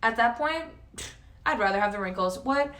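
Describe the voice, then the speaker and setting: A woman's voice: fairly high pitch, expressive, normal speed, a bit bright, distant mic. Young woman, streamer, rambling chat full of swearing and filler "like", voice worn thin, set back from the mic. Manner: chatty, swears a lot, says "like" constantly. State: losing her voice. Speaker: livestreamer.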